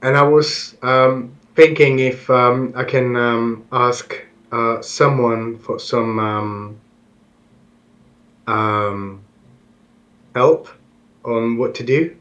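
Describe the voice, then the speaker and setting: A man playing a tabletop game who speaks haltingly, with many ums and uhs. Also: medium pitch, steady tone, fairly bright tone, rough recording. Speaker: player. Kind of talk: in-character tabletop play.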